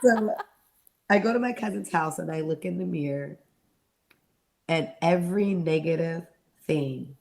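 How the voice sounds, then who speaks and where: A middle-aged woman speaks low and gravelly as an interview guest. She tells her story earnestly and slips into the voices she remembers. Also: unhurried, long pauses, darkish tone. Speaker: interview guest, mentor and therapist. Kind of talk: personal testimony in an interview.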